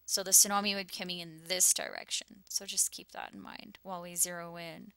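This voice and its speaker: A woman's voice: fairly low pitch, level tone, a little fast, vocal fry, pushed and bright, clear, resonant tone, dry recording. A woman vlogging anxiously over a map, shaken and close to tears, often dropping into whispers. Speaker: YouTuber sharing visions.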